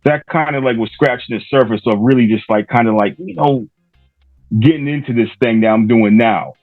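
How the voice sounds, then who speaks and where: A man's voice: medium pitch, fairly quick, dry recording. Man, middle-aged, from Rhode Island, rambling story, tinny narrow sound, faint music behind. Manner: relaxed, rambling with many fillers and restarts. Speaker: podcaster guest. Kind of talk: casual interview storytelling.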